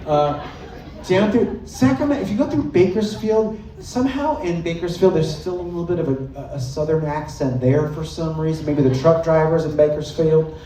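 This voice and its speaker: A man's voice: on the high side, normal speed, dark tone, far from the mic, slight background noise. A man performing a live stand-up set on a club stage, playful and loose, slipping into mock regional accents. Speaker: stand-up comedian. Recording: roomy live club sound with music.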